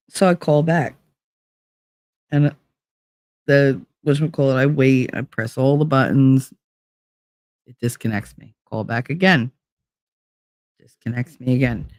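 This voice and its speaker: A woman's voice: extremely low pitch, a little mellow, dry recording. A woman vlogger telling a story as a blunt, profane rant in a casual chat.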